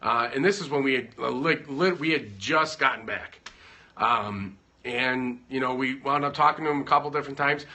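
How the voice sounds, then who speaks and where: A man's voice: medium pitch, normal speed, pushed and bright. A man chatting casually at home on a livestream, giving business advice in a rambling, joking way. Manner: rambling, self-interrupting, joking.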